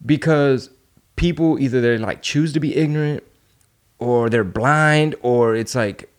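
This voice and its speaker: A man's voice: medium pitch, measured pace, clear, resonant tone. A man hosting a podcast, talking bluntly and heatedly with lots of swearing and rhetorical questions. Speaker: podcast host. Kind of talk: casual opinionated chat.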